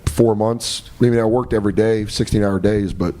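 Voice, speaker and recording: A comedian guest on a podcast, telling profane, laughing anecdotes in casual chat. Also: male voice, on the low side, steady tone, moderate pace, warm tone.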